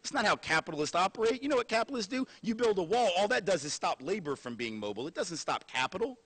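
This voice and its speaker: A man giving a public university lecture in an animated, sarcastic, conversational way. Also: sits high, quick pace, husky. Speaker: guest lecturer.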